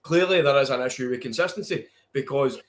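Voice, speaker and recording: A man's voice: mid-range voice, brisk. A man with a Scottish accent, ranting heatedly about football in casual podcast chat, swearing freely. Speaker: podcast co-host.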